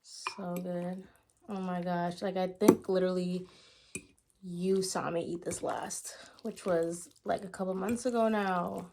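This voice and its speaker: With a lowish, creaky voice, fairly even intonation, and a measured pace, this woman talks to her viewers over background noise while eating on camera. It's casual mukbang chat, her words stretched out between bites, and she mentions a clogged ear that has her hearing slightly off.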